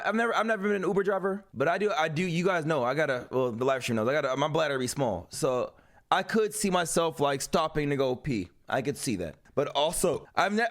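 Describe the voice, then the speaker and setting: Lively high-voiced man reacting. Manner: opinionated, animated. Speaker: live stream host. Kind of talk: reaction commentary.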